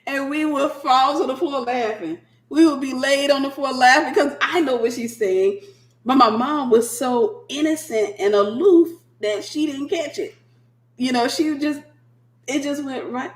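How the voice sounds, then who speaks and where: A woman minister hosting a casual late-night livestream, a sleepy, animated storyteller. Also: sits high, measured pace, reverberant. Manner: animated storyteller who acts out quoted voices.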